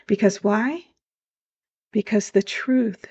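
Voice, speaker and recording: A woman's voice: mid-range voice, fairly even intonation, a little slow, gravelly, warm tone. A woman hosting a motivational podcast as a life coach, talking earnestly and straight to her listeners. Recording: dull lo-fi sound.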